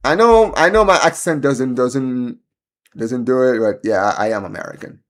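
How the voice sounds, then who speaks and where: A man hosting a live football watchalong stream. He rants, pleads and chats to his viewers in an excitable, exasperated way. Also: medium pitch, moderate pace. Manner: chatty, addresses viewers as guys and bro. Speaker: livestream host.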